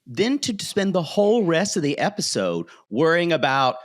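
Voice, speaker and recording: A man hosting a podcast, chatting casually and animatedly about reality television and often mimicking the people on the show. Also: a little high. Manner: animated, quick to mimic cast members. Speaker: podcast host. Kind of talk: casual reality TV recap chat.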